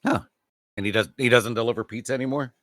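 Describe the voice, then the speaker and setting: A man's voice: medium pitch, fairly bright tone, no room sound, clean studio sound. A young man co-hosting a podcast, chatting easily and laughing along. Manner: easygoing, chatty, quick to laugh. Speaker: podcast co-host. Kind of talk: casual chat.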